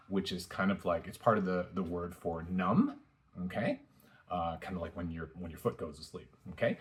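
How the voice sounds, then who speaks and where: A man's voice: big pitch swings, a little fast. A man teaching a beginner language lesson, patient and encouraging, with frequent fillers and repetition. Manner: jumps high and loud when modeling tones. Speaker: Mandarin teacher.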